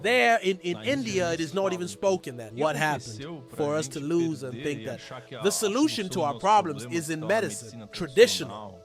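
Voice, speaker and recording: Animated higher-voiced man in discussion. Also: moderate pace, over music.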